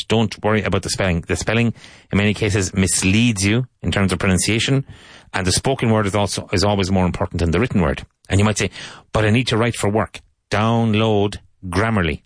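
An Irish man teaching English, repeating each phrase slowly and clearly for learners in a relaxed lesson monologue. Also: low-pitched, dry recording. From Ireland.

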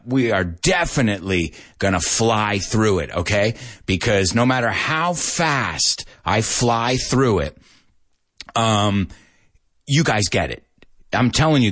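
Energetic husky male English teacher. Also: mid-range voice. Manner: energetic, joking, mixes in Spanish translations. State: out of breath. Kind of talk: live-stream English lesson.

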